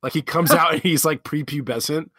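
A man's voice: fairly high pitch, fairly even intonation, a little fast, pushed and bright, husky, no room sound, clean studio sound. A man co-hosting a podcast, chiming in with jokey, slangy banter. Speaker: podcast co-host. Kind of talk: casual banter.

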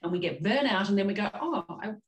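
A woman's voice: mid-range voice, lively intonation, very fast, echoey room, rough recording. A woman hosting a podcast, a former salon owner, agreeable and reflective in casual conversation. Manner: agreeable, reflective, builds on the guest's points.

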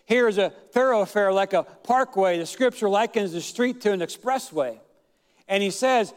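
A male pastor preaching a sermon, telling a story with fillers, drawn-out words and shouted emphasis. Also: high voice, lively intonation, long reverb tail.

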